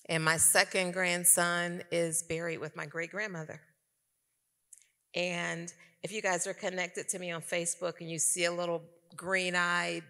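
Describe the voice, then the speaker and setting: A middle-aged woman giving her personal testimony on stage at a conference, telling her story in an animated way and speaking straight to the crowd. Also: on the low side, vocal fry. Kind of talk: personal testimony to a live audience. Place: conference hall. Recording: echoey conference hall.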